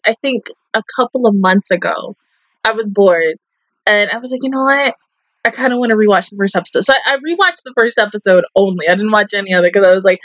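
A woman's voice: a little high, fairly bright tone, no echo, muffled recording. Tearful young woman reacting to anime. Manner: emotional, swears a lot, laughs between words. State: tearful at times. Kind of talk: casual reaction review.

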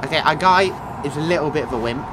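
A man's voice: on the high side, fast, background noise. A young man giving jumpy, joking commentary over a horror game, swearing and yelping when startled. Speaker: gaming video host. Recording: game music loud behind voice.

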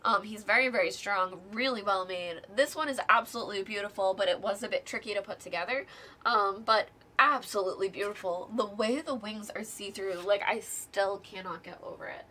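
A woman hosting a casual show-and-tell vlog, gushing and excitable with plenty of filler words. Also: medium pitch, fairly quick, a little hiss or hum. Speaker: guest host showing board game miniatures.

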